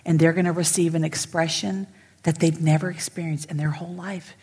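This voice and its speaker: A middle-aged woman pastor, preaching emphatically to women and swinging from loud to whispered. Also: sits low, steady tone, fairly quick, breathy edge, big-room sound. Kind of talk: sermon to women. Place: church sanctuary.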